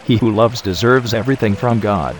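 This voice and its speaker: A man playing a gentle holy teacher in an audio drama. His lowish voice is measured and solemn, quietly authoritative. Soft music plays behind him. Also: lightly acted. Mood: calm.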